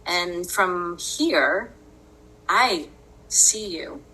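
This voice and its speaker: A woman hosts a podcast and tells a personal story at a slow, deliberate pace. Her voice is bright and forceful. She stays earnest throughout and often breaks into laughter. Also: fairly low pitch, animated, slight background noise, poor audio. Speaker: podcast host.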